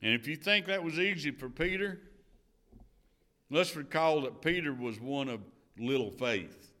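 A man's voice: medium pitch, a bit bright. A man teaching a Bible lesson in sermon style, earnest and repetitive, with firm rising declarations and scripture read in old King James wording. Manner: earnest preaching, repeats phrases for emphasis, rising to firm declarations. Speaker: Sunday school teacher.

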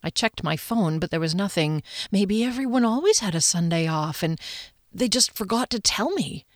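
A woman's voice: medium pitch, sing-song, normal speed, no echo, studio quality. A woman reading a first-person audiobook with a wry, self-mocking manner. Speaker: audiobook narrator.

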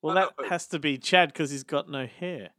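A man's voice: fairly high pitch, normal speed, sharp tone, dry recording, clean studio sound. A man hosting an interview, chatty and teasing his guests. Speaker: radio host interviewing guests. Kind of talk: casual interview.

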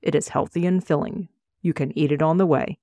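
A frail old man speaks slowly and calmly in a storybook reading, voiced by a woman. His words are plain and unhurried, the voice low and dry. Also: dry recording. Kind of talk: audiobook reading.

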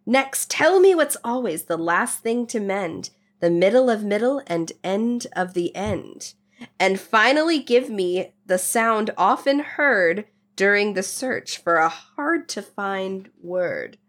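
A woman's voice: medium pitch, animated, takes it slowly. A woman voicing a female sphinx, giving a dramatic rhymed reading. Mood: theatrical. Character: riddling female sphinx, grand and teasing.

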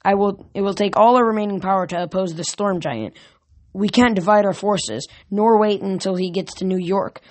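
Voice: mid-range voice, moderate pace, darkish tone, close to an everyday voice. A reader voicing an irritable, grumbling male messenger god in a storybook reading. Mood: stern.

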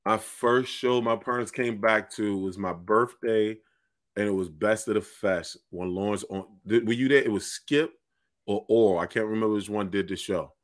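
A man who is a stand-up comedian, telling stories in casual podcast chat, animated and swearing freely, often breaking into laughter. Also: fairly low pitch, normal speed, no echo, clean studio sound.

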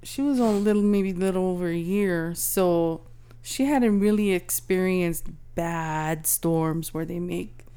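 With a medium-pitched, slightly mellow and clean voice, a woman co-hosts a podcast, rambling through casual stories and swearing freely along the way.

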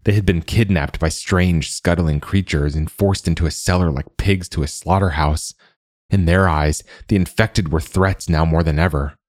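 A man narrates a dark fantasy story at a measured, deliberate pace. His voice is extremely deep. The recording is dry and close, with no room sound. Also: steady tone, no echo. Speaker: audiobook narrator.

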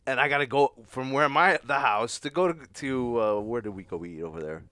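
A man telling stories in casual chat, animated, swearing and acting out quotes. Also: mid-range voice, fairly quick, smooth, no room sound. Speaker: podcast guest.

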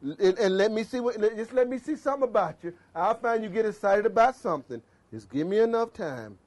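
A man preaching a sermon with passion, swinging between loud exhortation and low murmurs. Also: lively intonation, brisk.

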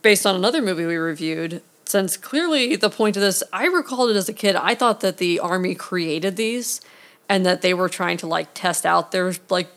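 A woman's voice: on the low side, normal speed, fairly bright tone. A woman co-hosting a casual movie review chat, rambling and playful, now and then doing silly voices for jokes. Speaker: podcast co-host reviewing a movie.

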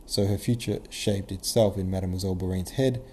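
A man narrating a classic novel as an audiobook, measured and even-toned. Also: sits low, a little hiss or hum.

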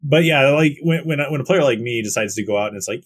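A man's voice: mid-range voice, fairly even intonation, fast, few pauses, no echo. A man in a casual gaming chat who talks in a laid-back, hesitant way and laughs often.

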